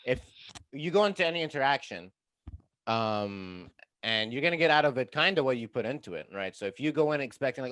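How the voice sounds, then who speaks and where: A man's voice: medium pitch, fast talker, no room sound. Easygoing male podcast host, dry sound. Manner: laughs often, relaxed and agreeable. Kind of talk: casual podcast conversation.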